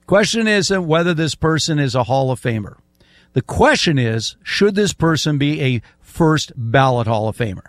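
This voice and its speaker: An older man hosts a sports talk debate, building his case with long lists of numbers. His voice sits a bit high. The sound is dry and close, with no room echo. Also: animated, moderate pace. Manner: emphatic, lists stats at length.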